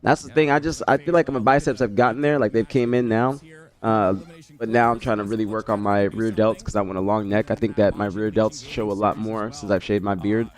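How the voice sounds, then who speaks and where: A male streamer chats loosely through a watch party, rambling and calling out his viewers by name. His voice sits a little low and sounds congested from a recent cold. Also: fairly quick. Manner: relaxed, rambling, talks to chat by name. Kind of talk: casual stream chat reading chat messages.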